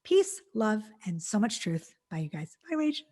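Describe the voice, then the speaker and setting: A middle-aged woman hosting a podcast, chatting casually with a guest in a gushing, effusive way, full of quick restarts. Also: medium pitch, big pitch swings, darkish tone. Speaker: podcast host. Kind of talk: casual interview chat.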